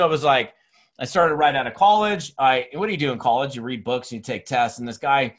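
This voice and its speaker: A man in his fifties giving a motivational sales training talk, telling stories in an energetic, chatty way full of restarts. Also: mid-range voice. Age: 50s. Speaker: network marketing speaker and trainer. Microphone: webinar recording.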